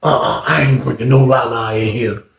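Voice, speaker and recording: A man's voice: medium pitch, moderate pace, creaky, pitched below the performer's own voice, natural voice. A man voicing a big, hungry male prison guard who bargains in an easygoing way. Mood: evasive. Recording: roomy echo.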